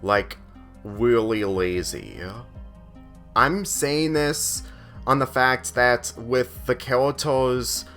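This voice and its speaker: A man's voice: mid-range voice, extremely slow, a bit bright, faint music behind. A man giving a rambling cartoon review commentary, circling back on the same phrases. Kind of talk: spoken video commentary.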